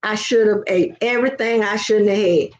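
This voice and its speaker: A woman's voice: mid-range voice, moderate pace. An older woman, chatting playfully and rambling with repeated words on a casual home live stream. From American South. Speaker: vlogger. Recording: echoey, dull lo-fi home recording.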